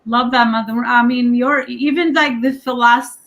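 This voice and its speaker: Woman host with an accent, gravelly and fairly high, gushes over her guest. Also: steady tone, normal speed, fairly bright tone, rough recording. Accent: non-native English. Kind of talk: interview hosting.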